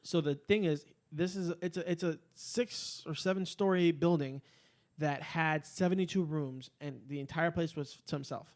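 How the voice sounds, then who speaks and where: A man's voice: on the high side, moderate pace. A man co-hosting a podcast in casual chat, swearing freely and rambling with fillers. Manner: profane, rambling, animated ranting. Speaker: podcast co-host.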